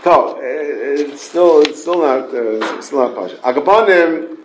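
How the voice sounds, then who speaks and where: A man's voice: a little high, lively intonation, measured pace, slight background noise, poor audio. A man with a Yeshiva English accent teaching an informal Talmud class, mixing Hebrew and Yiddish terms into his English and questioning his students.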